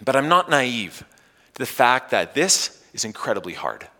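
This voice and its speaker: Guy pastor giving a sermon, lively and punchy, asks the room questions, big echoey church. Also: medium pitch, moderate pace. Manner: animated, rising emphasis and playful asides to the congregation.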